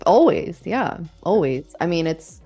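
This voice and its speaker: Een vrouw met een wat lage stem, trader in een livestream, luchtig en lacherig, zachte muziek erachter. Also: female voice, on the low side, very animated, measured pace, mellow, slightly rough, faint music behind. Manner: easygoing, laughs often. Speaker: trader on a live stream. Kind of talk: casual chat on a live stream.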